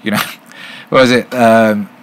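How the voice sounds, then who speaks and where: A man's voice: fairly low pitch, little pitch movement, a little slow. A middle-aged man hosting a show and answering viewer questions in casual talk, blunt and profane, rambling and repeating himself for emphasis. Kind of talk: casual solo livestream talk.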